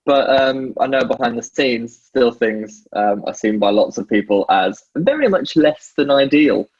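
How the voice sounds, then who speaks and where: A man co-hosting a casual sports podcast, easygoing and wry, pausing often with fillers. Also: mid-range voice, expressive, slightly rough, dry recording, highs cut off. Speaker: podcast co-host.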